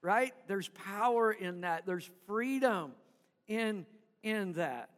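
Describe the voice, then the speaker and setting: A man's voice: high voice, expressive, takes it slowly, fairly bright tone, long reverb tail. A man preaching a sermon to his congregation in church, calling for responses and having them repeat after him. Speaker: pastor.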